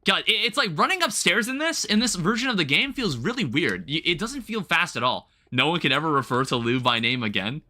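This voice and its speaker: Brief: male streamer, high, bouncy voice, rambling casual chatter while gaming. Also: big pitch swings, a little fast, few pauses, pushed and bright. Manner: rambling, self-correcting, chatting with viewers; casual, swears lightly. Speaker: livestreamer. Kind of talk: casual gameplay commentary.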